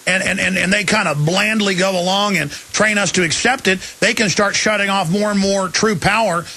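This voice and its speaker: A man's voice: high-pitched, normal speed, sharp tone. A middle-aged man hosting a talk radio show, emotional and alarmed as he reads news quotes aloud. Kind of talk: agitated talk radio monologue.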